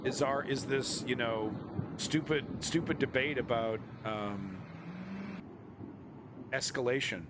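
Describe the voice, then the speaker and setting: A man's voice: mid-range voice, takes it slowly, long pauses, background noise. Sarcastic man streaming news commentary. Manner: sarcastic, rambling, laughs at clips. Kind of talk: casual live-stream commentary.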